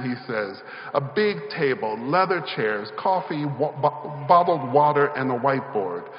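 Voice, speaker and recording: A man's voice: mid-range voice, very animated, measured pace. Man preaching in an echoey hall. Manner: rhythmic call-and-response delivery, rising emphasis. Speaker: pastor. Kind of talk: sermon. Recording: echoey hall, slightly dull sound.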